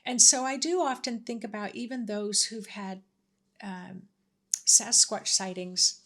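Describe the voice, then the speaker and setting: A woman's voice: mid-range voice, fairly even intonation, unhurried, a bit bright. A woman hosting a spiritual talk, telling a personal story in a casual, chatty way with many fillers and restarts. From Washington State, US. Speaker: host sharing spiritual stories.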